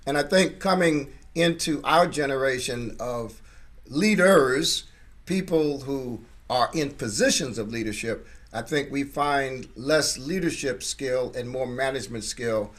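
A man's voice: medium pitch, a bit bright. Man as pastor guest, rhetorical. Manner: measured, repetitive rhetorical emphasis. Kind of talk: interview answers.

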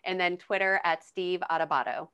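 A woman's voice: lowish voice, fairly even intonation, normal speed, fairly bright tone, smooth, dull audio. A woman co-hosting a leadership talk show, teasing her partner in playful banter. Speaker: co-host.

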